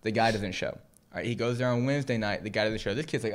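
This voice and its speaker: A young man from Southern California co-hosting a podcast, telling a funny story in a lively way, laughing and acting out the people in it. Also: lowish voice, quick pace. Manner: animated, laughing, acts out the people in his story. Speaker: podcast co-host. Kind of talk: casual storytelling.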